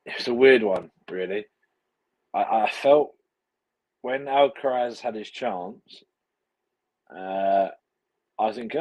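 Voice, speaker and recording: A man's voice: lowish voice, a little mellow, rough recording. A man co-hosting a podcast, talking in a wry, self-deprecating way. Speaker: podcast co-host. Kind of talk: casual chat.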